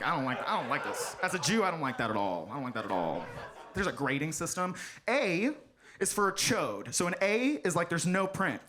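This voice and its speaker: A stand-up comic with a high, bright voice that leaps all over the place. He talks loud and animated, breaking into shouts at his punchlines. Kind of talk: stand-up comedy set.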